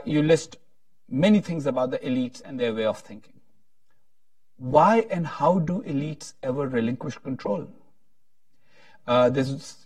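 A man moderating a panel discussion, speaking haltingly with frequent restarts. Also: medium pitch, a little mellow, no room sound, recorded from a distance. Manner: halting, many restarts, tells a joke with voices.

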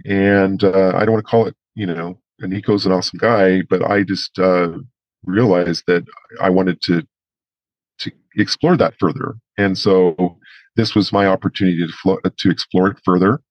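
A man's voice: deep voice, steady tone, normal speed, no echo, muffled recording. A middle-aged man as a podcast guest, recounting a conversation with fillers and restarts. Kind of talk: casual interview storytelling.

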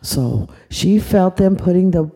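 An older woman, a grandmother, telling a children's story in a very lively, sing-song voice. She is chatty and full of asides, and her tone is soft and mellow. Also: on the low side, a little slow, vocal fry, breathy edge. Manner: animated, chatty, aside-filled.

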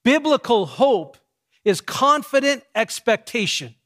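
Guy pastor preaching, pretty high voice, slows down and drops quiet for the big lines. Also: big pitch swings. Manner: emphatic preaching with dramatic pauses, drops to quiet low emphasis. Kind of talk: sermon.

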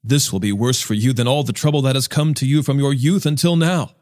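A man reading the part of a stern, blunt army commander rebuking his king in a forceful, reproachful tone. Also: mid-range voice, brisk, natural voice.

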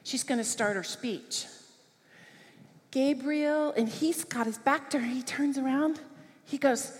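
A middle-aged woman preaching, telling a personal story in an animated way and acting out children's voices. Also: high voice, measured pace, pauses often. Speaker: speaker at a church service. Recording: long hall reverb.

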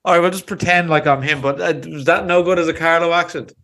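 A man's voice: on the high side, fairly even intonation, fast talker, sharp tone. A man co-hosting a casual podcast, rambling easily through answers and swearing now and then. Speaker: podcast co-host.

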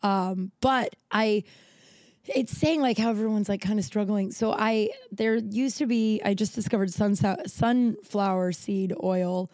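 A woman's voice: mid-range voice, a little slow, warm tone, no echo. A woman in her thirties hosting a podcast alone, rambling casually with lots of fillers and restarts, tired and yawning. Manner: rambling, filler-heavy, self-interrupting. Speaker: podcast host. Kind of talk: casual solo chat. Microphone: home recording setup.

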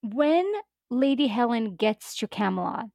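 A woman co-hosting a podcast in casual chat, animated and giggly, acting out lines she quotes. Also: a little high, unhurried, vocal fry, dry recording, studio quality. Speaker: podcast co-host.

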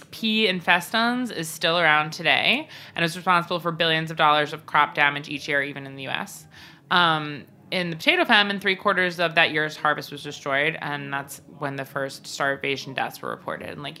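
A woman's voice: low-pitched, bright, forceful tone. A woman co-hosting a podcast, chatting casually and jokily, rambling with fillers. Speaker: podcast co-host. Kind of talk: casual chat.

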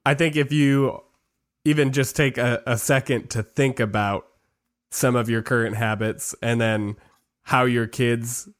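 A man's voice: medium pitch, fairly even intonation, unhurried. A man hosting a casual podcast conversation, affirming his guest in an easygoing way.

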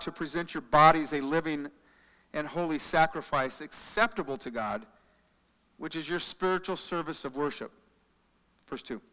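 A man preaching a sermon, reading scripture and urging his listeners, his delivery swinging between loud emphatic lines and quiet questions. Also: fairly high pitch, smooth. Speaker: pastor. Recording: muffled sound with long reverb in a large hall.

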